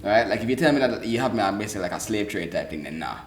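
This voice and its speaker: Low-voiced joking man in a roomy space. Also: animated, rapid-fire. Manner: joking, easily confused. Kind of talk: casual chat. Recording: roomy, with faint background noise.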